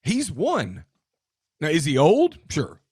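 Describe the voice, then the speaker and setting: A man co-hosting a casual sports talk show, talking in an emphatic way with quick asides and restarts. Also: on the high side, huge pitch swings, a little mellow, husky, no echo, studio quality. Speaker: podcast co-host.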